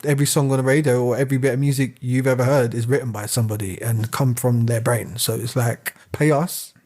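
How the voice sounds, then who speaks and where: A man's voice: mid-range voice, steady tone, a little fast, darkish tone. Rambling man on a podcast. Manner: rambling, laughs often, drifts into rants. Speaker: podcast co-host. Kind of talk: casual chat.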